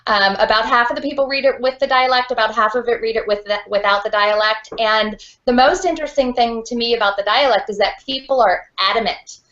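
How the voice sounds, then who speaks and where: A woman's voice: fairly high pitch, fairly quick, few pauses, a bit bright. A woman author speaking frankly and outspokenly in a video call interview, with lots of fillers. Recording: dull lo-fi video call audio.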